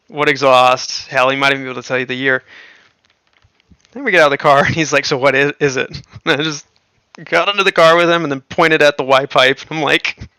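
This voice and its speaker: A man's voice: mid-range voice, vocal fry, bright, forceful tone, clear, resonant tone, dry recording. A man hosting a livestream, chatting casually and rambling with lots of fillers and frequent laughs. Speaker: livestream host.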